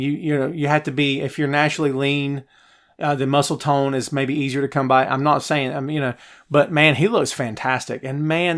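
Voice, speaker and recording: A middle-aged man hosting a live stream from his home office, chatty and animated as he answers viewer comments. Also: on the high side. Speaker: podcast host. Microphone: headphones, phone nearby.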